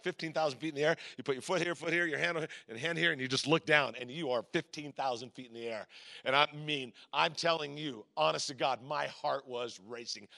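Animated, gravelly-voiced bright male pastor. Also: a little high. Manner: animated storyteller acting out voices, sudden shouts. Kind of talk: storytelling sermon.

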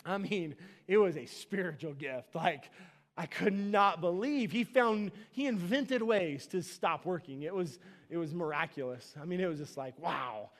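High-voiced man preaching a sermon. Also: unhurried. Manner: storytelling, emphatic, conversational asides. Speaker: pastor. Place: church.

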